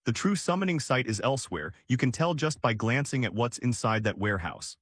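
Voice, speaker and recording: A man's voice: medium pitch, lively intonation, fairly quick, fairly bright tone, no echo, clean studio sound. A man voicing a shameless, money-hungry young mage with a mocking tone. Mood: scheming. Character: scheming greedy young male mage.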